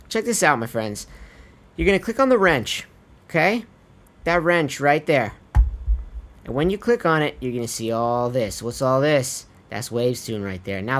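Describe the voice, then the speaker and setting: A man's voice: on the high side, fairly bright tone. A man casually walking viewers through a vocal tuning tutorial, chatty and laid-back, swearing offhand and calling the viewers his friends. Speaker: music producer teaching vocal tuning. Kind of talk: casual screen-recorded tutorial.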